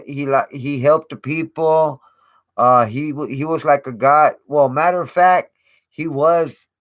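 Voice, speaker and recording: A man's voice: fairly high pitch, a bit bright. A man hosting his own channel, talking casually to viewers in a rambling way, with many fillers and repeated words. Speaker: channel host. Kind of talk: casual live-stream talk.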